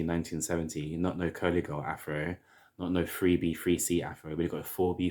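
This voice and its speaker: Deep-voiced chatty London man. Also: darkish tone. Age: 30s. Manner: chatty and opinionated, drawn-out asides. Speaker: hair vlogger. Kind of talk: casual chat to camera.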